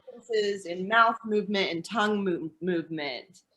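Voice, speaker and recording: A woman's voice: mid-range voice, moderate pace, bright, forceful tone. A woman from Indiana with an American accent, explaining English pronunciation in a casual teaching chat.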